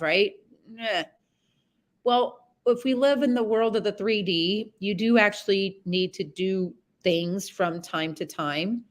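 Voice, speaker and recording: A woman's voice: mid-range voice, measured pace, fairly bright tone. A woman horsemanship coach talking a student through a live session over a video call, rambling, chatty and candid, with some mild swearing.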